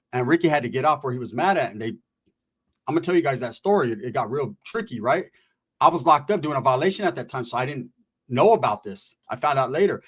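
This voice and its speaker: A man telling a comic story in an animated, slangy way, laughing between lines. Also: medium pitch, breathy edge.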